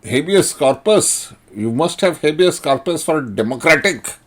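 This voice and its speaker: A man's voice: fairly high pitch, expressive, normal speed, voice pushed up. A man putting on a mocking impression of a pompous, preachy young male lawyer, drawn out and exaggerated.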